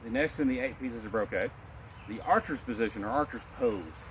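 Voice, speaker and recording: A man teaching a qigong session in a calm, steady voice, counting breaths and walking through each move. His pitch sits in an ordinary middle range. Faint outdoor ambience with birds runs softly behind him. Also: fairly quick, gravelly, a little hiss or hum. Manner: calm cueing of breaths, relaxed explaining. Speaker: martial arts instructor. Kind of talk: guided qigong class instruction.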